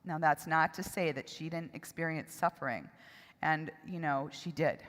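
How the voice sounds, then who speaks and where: A middle-aged woman giving a personal testimony at a seminar, speaking in an emotional, halting way with pauses and restarts. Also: low voice, a bit bright. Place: church hall. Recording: long hall reverb.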